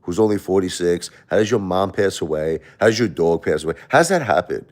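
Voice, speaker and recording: In a low, darkish voice, a middle-aged man hosts a livestream at a fairly quick pace. He speaks to viewers emotionally and defensively, rambling with repeated words and false starts.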